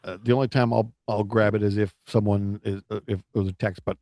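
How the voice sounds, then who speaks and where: Male podcast co-host, lowish voice, halting chatty delivery, dry sound. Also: level tone, warm tone, no echo. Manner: rambling, halting restarts. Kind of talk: casual chat.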